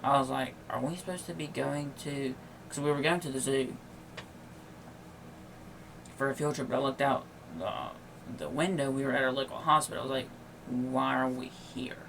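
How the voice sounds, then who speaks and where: A young man with a gravelly voice talks casually on his podcast. He is tired and yawns now and then, and his telling wanders through fillers and half-finished sentences. A faint noise sits behind him. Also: medium pitch, steady tone, normal speed, long pauses, fairly bright tone. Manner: rambling, filler-heavy with many likes and restarts. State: tired and yawning. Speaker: podcast host. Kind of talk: casual personal storytelling.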